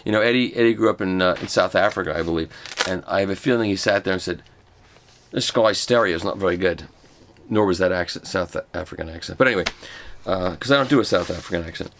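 A man's voice: deep voice, quick pace, fairly bright tone, slight background noise. An older man reviewing records, talking casually and enthusiastically through an unboxing, rambling with restarts.

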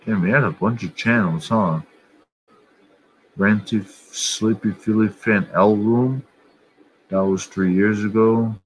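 A man's voice: lowish voice, fairly even intonation, slight background noise, rough recording. A man vlogger talking casually and bluntly about soccer and other channels, swearing offhandedly. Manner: slow, offhand, blunt and profane. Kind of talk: casual chat.

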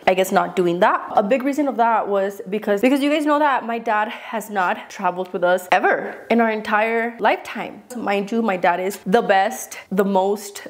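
A young adult woman chatting casually to her viewers while eating, emotional and full of fillers and restarts. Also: on the high side. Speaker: vlogger. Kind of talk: casual mukbang chat to camera.

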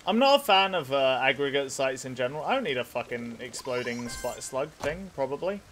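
A man's voice: mid-range voice, big pitch swings, a little fast, a bit bright, soft background music. A young man with a nasal voice streaming a video game, chatting casually with his chat, swearing freely and rambling while he plays. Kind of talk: casual let's play commentary with chat.

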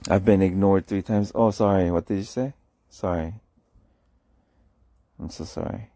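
A man's voice: fairly even intonation, moderate pace, dark tone, no room sound, studio quality. A sleepy young man, a singer, chatting casually on a late-night phone livestream while he reads out comments. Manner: low-key, murmured, answers comments in English and Korean.

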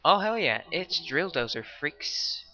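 A man's voice: on the high side, very animated, unhurried, bright, forceful tone, highs cut off. Jokey young man narrating gameplay. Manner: jokey, swears, reads game text aloud. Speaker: let's play host. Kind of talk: casual gameplay commentary.

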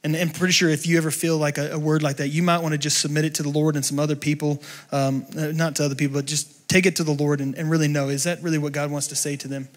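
A man's voice: a little high, level tone, fast, few pauses. A young adult male pastor preaching a sermon in a loose, conversational way, full of fillers and asides.

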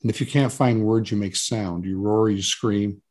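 A man with a low, husky voice, talking as a guest in an interview. He is earnest and emphatic and leans on repeated words to drive a point home. His delivery stays relaxed and conversational. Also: normal speed.

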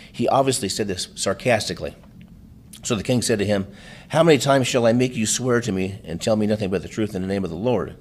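Low-voiced man reading scripture in a sermon. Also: darkish tone. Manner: reads aloud with frequent restarts and plain-spoken asides. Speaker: preacher. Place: church.

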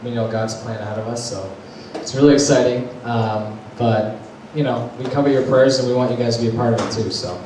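A young man, a youth leader, telling a casual story to a group, animated and laughing as he talks. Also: medium pitch, fairly quick, few pauses. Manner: animated, laughing through his own story. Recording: echoey room, distant mic, background noise.

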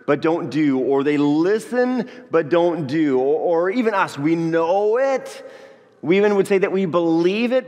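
Speaking in a fairly high, sing-song voice at an ordinary pace, this pastor delivers a sermon in the sanctuary, cracking jokes and talking straight to his flock. The church hall adds a long, lingering reverb.

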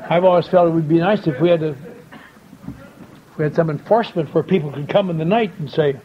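A man's voice: a little high, fairly quick, a faint crowd. An older man telling a wry, folksy story to a convention audience, acting out the dialogue he quotes. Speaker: speaker at a recovery convention. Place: large convention hall. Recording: dull lo-fi tape with faint hiss.

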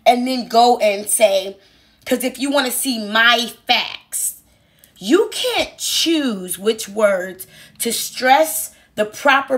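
A woman's voice: on the high side, fairly bright tone. A woman commentator mocking a speaker in a teacherly, sarcastic way. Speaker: online commentator.

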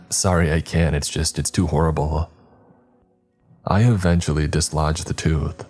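A man narrating a horror story in a measured, dramatic storytelling manner. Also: extremely low pitch, a little mellow.

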